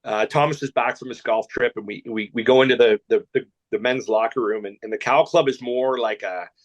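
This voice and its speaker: A man from Canada is telling a long, rambling story as a guest. His delivery is animated and full of restarts, and his voice sits in a middle pitch. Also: a little fast, dull audio. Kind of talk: storytelling anecdote.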